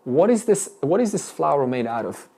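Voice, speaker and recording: A man's voice: fairly high pitch, sing-song, fairly quick, vocal fry, warm tone, husky. A man teaching a spiritual class, firing questions at students with frequent restarts. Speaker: Vedanta teacher. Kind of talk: interactive spiritual lesson.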